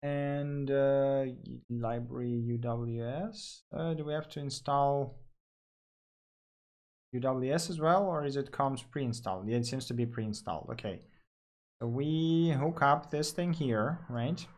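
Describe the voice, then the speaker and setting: A man's voice: mid-range voice, a little slow, a little mellow. A man talking through live coding on screen, thinking aloud with fillers and self-corrections.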